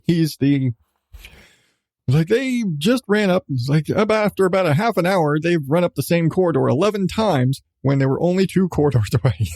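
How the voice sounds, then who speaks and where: A man's voice: a little high, expressive, normal speed, a little mellow, dry recording, clean studio sound. A male podcast host in casual chat, enthusiastic about what he reviews, laughing often and restarting his sentences.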